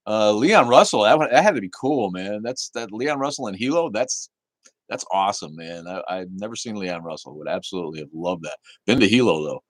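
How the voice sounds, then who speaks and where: A man's voice: on the low side, animated, a little fast, dry recording. A man hosting a casual livestream, reading chat aloud in a laid-back, easygoing way, cursing casually and laughing often.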